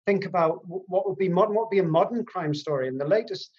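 A man's voice: high voice, fast talker, husky. A man, a crime writer, chatting on a podcast in a hesitant, rambling way. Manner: rambling, hesitant, full of fillers. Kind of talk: casual podcast chat. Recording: dull lo-fi sound.

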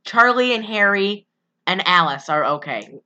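A woman in casual chat, rambling and animated, often laughing as she talks. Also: mid-range voice, normal speed, muffled recording. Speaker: podcast co-host.

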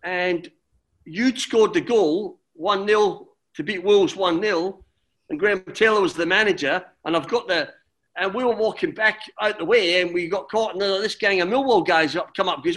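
Speaking at normal speed, this middle-aged ex-footballer with a slightly high voice spins a lengthy tale as a guest in an interview. His easygoing chat wanders, sentences get started over, and the listener is "mate."

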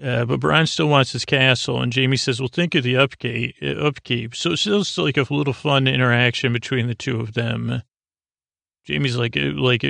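Guy recapping a show on his podcast, gravelly voice, kinda monotone, ums and restarts everywhere. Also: medium pitch, moderate pace, no echo. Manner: rambling, hesitant, many fillers and restarts; paraphrases dialogue in a flat offhand way. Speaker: podcast host. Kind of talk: casual episode recap.

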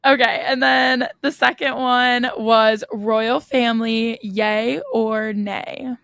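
A woman's voice: on the high side, fairly even intonation, slow pace, gravelly, a bit bright, dry recording, clean studio sound. A young woman co-hosting a podcast, telling stories in casual chat with lots of "like.". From United States. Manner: chatty, storytelling, frequent "like". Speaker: podcast co-host.

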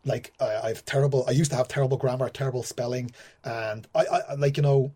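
A man's voice: medium pitch, steady tone, fast talker, mellow, slightly rough. A young Irish man, a screenwriter, chatting in an interview and rambling with lots of "like" and "you know". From Ireland. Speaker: screenwriter guest. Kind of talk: casual interview chat.

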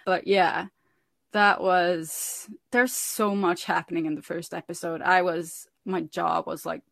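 A woman hosting a podcast in casual chat, steering the conversation in a relaxed way. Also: on the low side, measured pace, gravelly, no room sound. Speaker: podcast host.

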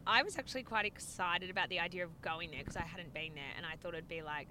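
A young woman, co-hosting a casual podcast chat, animated and swearing a lot as she laughs through a story. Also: lowish voice, fast, few pauses. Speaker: podcast co-host. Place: inside a car. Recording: car recording with road noise.

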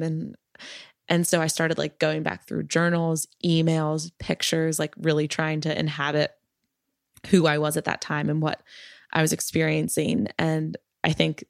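Woman podcast creator, frank and chatty interview guest, low gravelly voice, dry sound. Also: no room sound. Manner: frank, chatty, many filler words. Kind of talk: casual interview chat.

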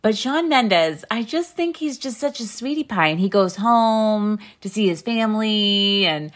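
A woman's voice: mid-range voice, expressive, a little slow. A woman in her late thirties hosting a podcast, enthusiastic and gushing in casual interview chat. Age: late 30s. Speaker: podcast host.

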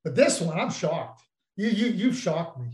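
A man co-hosting a podcast, telling stories in a teasing, animated way. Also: high-pitched, measured pace, echoey room, low-quality recording. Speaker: podcast co-host, former hockey executive. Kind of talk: casual storytelling chat.

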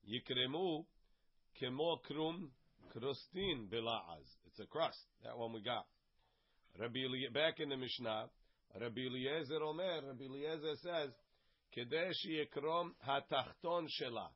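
A man's voice: medium pitch, normal speed. A man teaching a casual text study class. He reads each phrase and then translates and explains it in plain words. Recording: dull, lo-fi sound.

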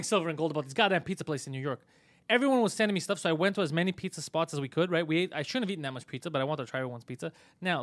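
A man hosting a casual live-stream podcast, swearing freely and telling stories with animated energy. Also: on the high side, dry recording. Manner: profane, animated storytelling. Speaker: podcast host.

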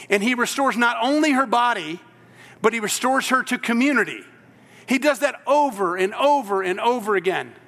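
This is a preacher with a high voice, telling Bible stories with lively energy and acting out the people in them. His tone is bright and forceful. The sound carries a long reverb from a large hall. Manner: animated storytelling, acts out voices in quotes. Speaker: pastor. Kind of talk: sermon.

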